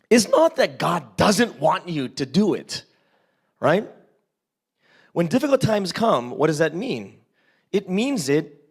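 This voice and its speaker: A man's voice: fairly high pitch, slightly rough. A man from Canada preaching a casual, joking sermon, often asking the congregation questions. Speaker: pastor.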